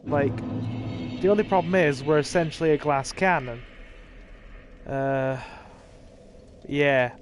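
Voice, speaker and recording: A man's voice: fairly high pitch, takes it slowly, long pauses, faint music behind. A man, casually commentating a livestreamed game with dry, self-deprecating remarks to his chat, dry-mouthed from thirst. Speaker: gaming streamer.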